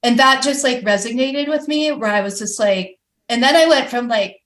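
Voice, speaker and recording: A woman's voice: fairly high pitch, moderate pace, a bit bright. A woman guest on a podcast, telling her story candidly and animatedly, with many "like" fillers. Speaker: guest, professional climber. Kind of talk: casual podcast interview.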